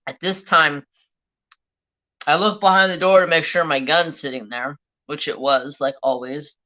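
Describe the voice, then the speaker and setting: A middle-aged woman chats with her live viewers, spinning a long, blunt story full of swearing. Her voice sits a little low but rings bright and forceful. The stream audio is dull and lo-fi. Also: fairly even intonation, unhurried. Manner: blunt, profane, rambling storyteller. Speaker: livestream host. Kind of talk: casual storytelling to a live chat.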